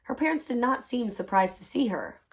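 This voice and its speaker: A teacher reading a children's chapter book aloud, with clear, expressive storytelling. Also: female voice, a little high, fairly quick.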